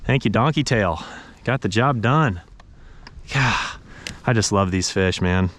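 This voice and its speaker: Excitable young man fishing outdoors. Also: on the low side, unhurried. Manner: excitable, talks to the fish, lively exclamations. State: tired from paddling. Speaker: fishing vlogger. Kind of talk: casual narration while fishing. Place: outdoors on a river, in a kayak and wading.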